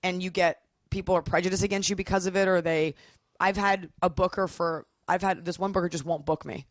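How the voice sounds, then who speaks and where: Animated young woman comedian chatting. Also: fairly low pitch, brisk, no room sound, clean studio sound. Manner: animated storytelling with acted quotes. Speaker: comedian, podcast guest. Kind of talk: casual chat.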